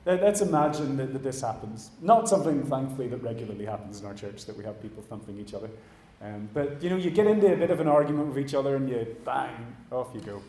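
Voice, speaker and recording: A man preaching a sermon in a church, animated, acting out the voices he quotes and dropping to a hush at the ends of phrases. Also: mid-range voice, quick pace. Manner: animated, acts out quoted voices, trails off quietly. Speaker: pastor. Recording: echoey church room.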